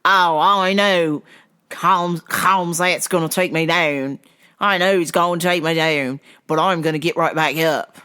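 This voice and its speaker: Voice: mid-range voice, steady tone, measured pace, pushed and bright, smooth. A podcast host putting on a silly, boastful South African fighter voice to mock him.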